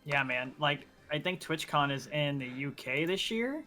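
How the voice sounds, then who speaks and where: Young man joking deadpan on a podcast. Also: a little high, unhurried, soft background music. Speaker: podcast co-host. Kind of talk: casual chat.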